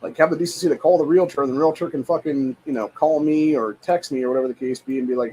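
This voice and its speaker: A man's voice: medium pitch, fairly even intonation, quick pace, hardly any pauses, mellow, a little hiss or hum. A young man at home, ranting in a casual, profane, exasperated way with lots of repetition. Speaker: podcast host. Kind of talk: casual rant.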